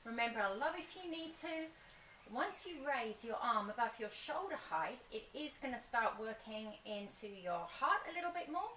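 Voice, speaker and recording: A woman leading a pilates session outdoors, gently encouraging and counting reps aloud. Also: fairly high pitch, sing-song, normal speed, echoey room, distant mic, slight background noise, low-quality recording. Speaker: pilates instructor. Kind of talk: guided workout instruction.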